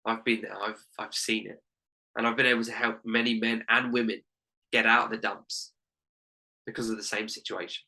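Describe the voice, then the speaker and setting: A man's voice: fairly low pitch, little pitch movement, moderate pace, gravelly, bright, forceful tone, rough recording. A young man, a life coach and podcast guest, telling a heartfelt personal story in an earnest way, full of "literally" and "like".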